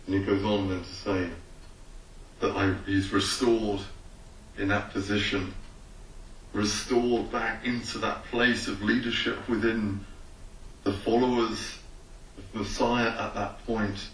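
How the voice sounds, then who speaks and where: Lowish and unhurried, the man's voice comes through a distant mic with a little hiss or hum and a roomy echo. He's a rabbi giving a sermon: he reads scripture aloud, then preaches while acting out imagined conversations in lively voices.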